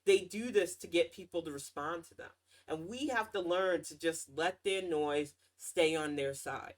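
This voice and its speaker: A woman hosting her own show, ranting in casual political commentary with a sarcastic, mocking tone and lively swings in pitch and loudness. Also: a little slow. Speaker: podcast host.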